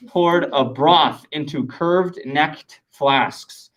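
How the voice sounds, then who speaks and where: A man teaching a classroom science lesson, lively and talking with students, dictating answers slowly and repeating them. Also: fairly high pitch, poor audio.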